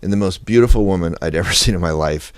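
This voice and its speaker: A man guest on a radio show telling a long, animated anecdote in a studio. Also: deep voice, fast talker, dry recording. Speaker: guest photographer. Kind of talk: storytelling interview.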